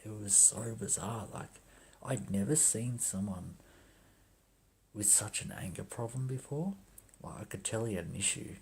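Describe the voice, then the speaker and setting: A young man telling a story on a livestream in a profane, swaggering, animated rant. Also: lowish voice, moderate pace, slightly rough. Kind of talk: ranting casual storytelling.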